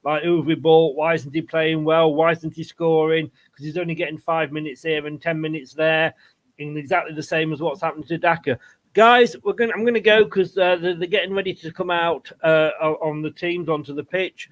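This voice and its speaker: High-pitched guy hosting a footy watchalong, chatty, keeps answering viewer comments. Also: fairly even intonation. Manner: chatty, quick asides to viewers. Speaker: host. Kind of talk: casual football watchalong chat.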